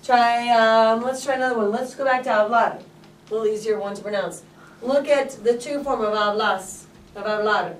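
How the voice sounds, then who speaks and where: A woman's voice: fairly high pitch, slight background noise. Woman teacher drilling a class. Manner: drills students with questions, stretches words slowly. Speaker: Spanish teacher. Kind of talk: classroom lesson. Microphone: camera from across the room. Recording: echoey classroom from far off.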